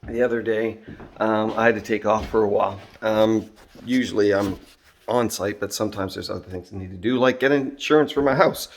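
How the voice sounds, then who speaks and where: A middle-aged man talks through a personal story and what he learned from it, pausing often with fillers and clearing his throat. His voice sits slightly low and unhurried. A faint background noise runs under the recording. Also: fairly even intonation. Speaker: vlogger and job-site supervisor. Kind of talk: reflective storytelling monologue.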